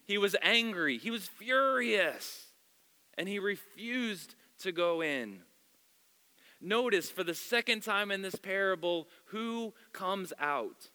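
A male pastor preaching a sermon in an expressive storytelling manner, moving between loud and soft passages, in a church sanctuary. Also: high-pitched, slow, clean tone. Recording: long hall reverb.

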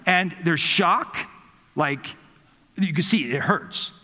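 A man preaching a sermon as a pastor, telling a personal story earnestly, dropping softly into reflective moments. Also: on the high side, slow. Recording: long hall reverb.

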